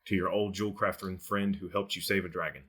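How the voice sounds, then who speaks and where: A man's voice: low voice, fairly even intonation, fast talker, fairly bright tone, slightly rough. A man narrating as game master of a tabletop role-playing game, in an easygoing, laid-back way.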